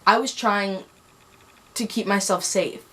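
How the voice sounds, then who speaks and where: A woman's voice: mid-range voice, fairly even intonation, slow pace, fairly bright tone. A young woman telling a personal story on a vlog, angry and heated, rambling with many restarts. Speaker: vlogger.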